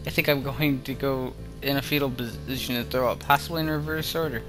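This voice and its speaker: A spacey teenage girl artist with blunt, dreamy remarks, read flat and deadpan by a man in his own mid-pitched voice. Music plays clearly in the background. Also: brisk, natural voice.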